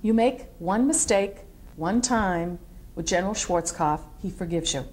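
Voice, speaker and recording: A woman's voice: medium pitch, measured pace, a little hiss or hum. A middle-aged woman, a military veteran, recalls her service in an oral history interview, telling stories with animation and acting out what others said. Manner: animated storyteller, acts out quotes, digressive.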